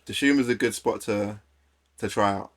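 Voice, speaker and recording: A man from London with a London accent, casually chatting and reacting to a video on a live stream in a slangy, animated way. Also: lowish voice, moderate pace.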